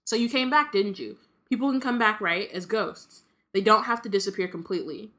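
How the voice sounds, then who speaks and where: Woman reading as an upset teen boy wizard, bright and clear, plain storybook read. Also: medium pitch, a little fast, lightly acted. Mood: pleading. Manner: read aloud from a book, plain.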